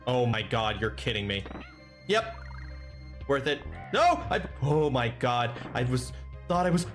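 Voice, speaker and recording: A man streaming a game, excitable and cursing, shouting at what happens on screen. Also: medium pitch, unhurried, soft background music. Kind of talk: casual gameplay commentary.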